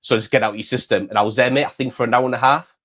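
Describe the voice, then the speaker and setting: A man's voice: medium pitch, fairly even intonation, very fast, a bit bright. A man, hosting and telling a long story in casual chat, repeating words and calling the listener mate. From England. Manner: rambling, repeats words, says "mate" often. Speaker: channel host.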